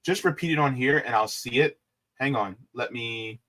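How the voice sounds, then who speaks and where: A man's voice: mid-range voice, moderate pace, a bit bright. A man hosting a casual livestream, talking to viewers in a loose, rambling way with plenty of fillers. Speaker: livestream host.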